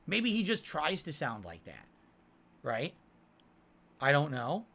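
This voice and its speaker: A man's voice: on the high side, wildly swooping pitch, slow, gravelly, a bit bright. A man hosting his own livestream, reading viewer messages and answering them defensively, often asking "right?". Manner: defensive, talks to chat with frequent "right?". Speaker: streamer answering chat. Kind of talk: casual livestream chat.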